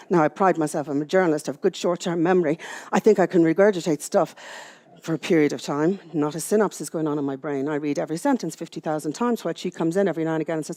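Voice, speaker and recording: Middle-aged Irish woman, public speaker, quick and mellow, candid storyteller with self-mocking wit. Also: sits low. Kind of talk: personal storytelling talk to a live audience. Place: room with an audience.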